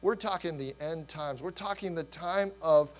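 Middle-aged male pastor, slightly high voice, hoarse, rambling and animated sermon delivery. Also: normal speed, faint music behind, low-quality recording. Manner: animated, rambling with restarts and laughter. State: losing his voice.

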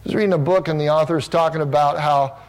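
A pastor delivers a sermon in an earnest, emphatic manner, his voice sitting a little higher than most men's. He often restarts phrases as he builds his points. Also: steady tone, fast.

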